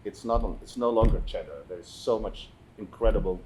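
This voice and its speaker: A man talking about food as a guest in a casual chat, chatty and quick to laugh along. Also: lowish voice, darkish tone, slight background noise, rough recording.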